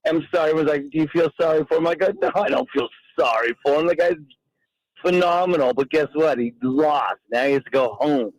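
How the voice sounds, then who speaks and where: A man calling a sports radio show on his phone, excited and whooping. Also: a little high, a little fast, no room sound, muffled recording. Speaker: caller. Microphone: phone held to ear while driving.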